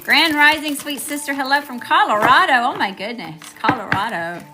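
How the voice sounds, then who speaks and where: A woman's voice: sits high, animated, normal speed, very noisy. A woman giving a live tarot reading, chatty and informal, greeting viewers and often checking in with "okay?". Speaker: tarot reader.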